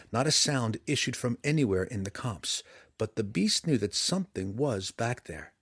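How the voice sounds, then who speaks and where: A man reading a fantasy novel aloud as audiobook narrator, in a measured, dramatic storytelling manner. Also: fairly low pitch, no room sound, studio quality.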